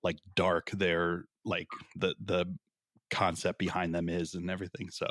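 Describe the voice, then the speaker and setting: A man's voice: low-pitched, little pitch movement, a bit bright, dry recording, studio quality. A man chatting casually at a tabletop game, trailing off and restarting as he talks. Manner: rambling, halting. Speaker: player. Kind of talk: casual chat at a gaming table.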